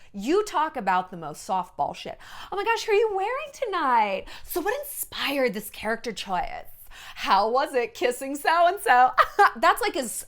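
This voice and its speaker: A woman in her thirties, formerly an entertainment journalist, tells stories in a casual, profane and sarcastic rant. Her voice sits on the high side with a fairly bright tone, and she mimics people in exaggerated voices.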